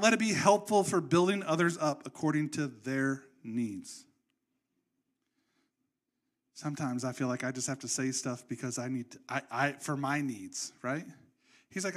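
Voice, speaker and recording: A man preaching a sermon in an animated, conversational storytelling way. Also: a little high, normal speed. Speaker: pastor.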